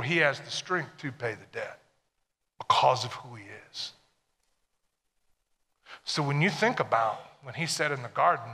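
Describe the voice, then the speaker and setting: A man's voice: mid-range voice, sharp tone, big-room sound. A man preaching a sermon to a congregation, emphatic and full of questions to the listeners. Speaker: pastor.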